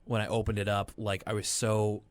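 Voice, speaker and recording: A young adult man co-hosting a podcast, recapping a cartoon episode in a rambling, animated way with lots of fillers. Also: lowish voice, a little fast, no echo. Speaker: podcast co-host. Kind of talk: casual chat recapping a cartoon.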